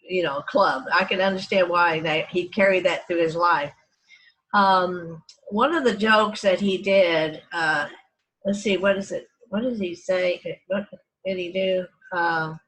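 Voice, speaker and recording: Older Texan-raised woman, oral-history reminiscing, mid-pitch, rambling with restarts. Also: a bit bright, poor audio. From Dallas, Texas. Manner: meandering, frequent restarts and self-corrections. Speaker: family storyteller.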